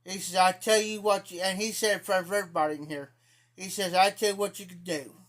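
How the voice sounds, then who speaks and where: A man's voice: sits high, fairly even intonation, quick pace, fairly bright tone. A man with an Ohio accent telling a rambling, profane story to his live-stream chat in a casual way. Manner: rambling, profane, repeats himself.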